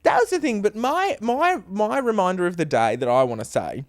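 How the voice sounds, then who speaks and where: A man's voice: brisk, dry recording, clean studio sound. A man, co-hosting a podcast and telling a story in casual chat, acting out what people said. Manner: animated, acts out quotes with big pitch jumps. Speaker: podcast co-host.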